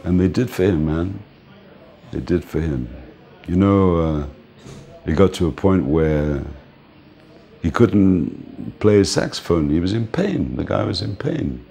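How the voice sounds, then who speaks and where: An older man with a very low, deep voice tells stories in an interview. He is animated and laughs easily. He slips into the voices of the people in his tales. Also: a little slow, gravelly. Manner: animated storyteller, laughs often, acts out the people he quotes. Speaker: music manager interviewed. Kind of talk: anecdotal interview storytelling.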